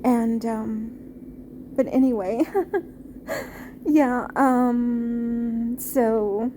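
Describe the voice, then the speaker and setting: Former teacher lady talking through a movie, slow and halting, kinda high voice, noisy hiss behind. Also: warm tone. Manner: halting, with many fillers and restarts; tender, heartfelt. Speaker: film reviewer and former teacher. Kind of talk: unscripted film review.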